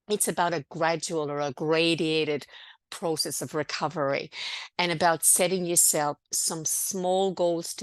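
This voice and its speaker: A woman's voice: fairly low pitch, no echo. A middle-aged woman, a clinical nurse giving an online education seminar in a reassuring, conversational way with many fillers.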